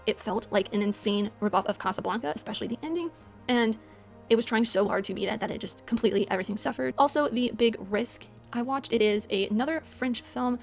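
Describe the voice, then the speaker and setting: A woman's voice: a little high, fast talker, creaky, faint music behind. A woman hosting a movie channel, chatting casually through a monthly recap of what she watched, rambling and correcting herself as she goes. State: out of breath. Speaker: movie channel host and podcaster. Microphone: voice-over, no camera.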